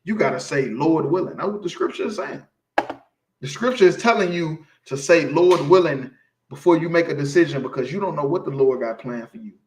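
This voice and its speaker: A man's voice: on the high side, lively intonation, a little fast, background noise. Emphatic preaching man, echoey room. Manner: emphatic, preachy, keeps asking "you feel me". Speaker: street preacher teaching scripture. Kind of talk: informal sermon.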